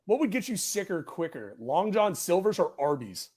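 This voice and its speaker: A man's voice: sits high, sing-song, normal speed, darkish tone, breathy edge. A young man hosting a casual chat, laid-back and jokey, full of "bro" and "like". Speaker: podcast host.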